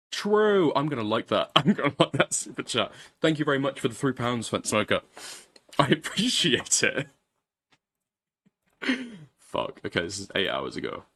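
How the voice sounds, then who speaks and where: A man's voice: mid-range voice, huge pitch swings, measured pace, bright, forceful tone, slightly rough. A man casually commenting on a live stream, swearing and rambling as he repeats himself.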